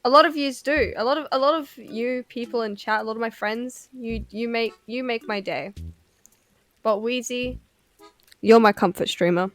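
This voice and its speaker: A woman streamer chatting casually on a livestream, excitable and giggly, swearing freely. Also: a little high, moderate pace, faint music behind.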